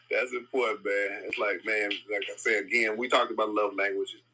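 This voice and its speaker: Low-voiced, bright-toned man co-host. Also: fairly even intonation, normal speed, rough recording. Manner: thoughtful, repeats words while searching for them. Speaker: podcast co-host. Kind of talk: casual conversation.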